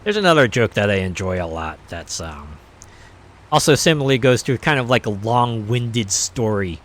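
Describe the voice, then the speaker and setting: A man's voice: lowish voice, animated, moderate pace, fairly bright tone. A man streaming a game, chatting casually in a rambling, hesitant way with many fillers. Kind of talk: casual chat while playing.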